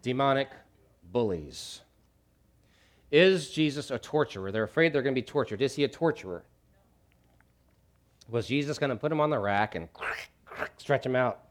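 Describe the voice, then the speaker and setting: A man preaching a sermon, swinging from hushed low lines to loud shouts, with jokey asides. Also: lively intonation, moderate pace, pauses often. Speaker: pastor.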